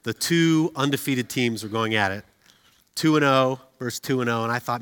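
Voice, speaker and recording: A middle-aged man preaching a sermon as a pastor, telling stories with humor and animated delivery. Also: mid-range voice, normal speed, smooth. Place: church auditorium. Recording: reverberant hall.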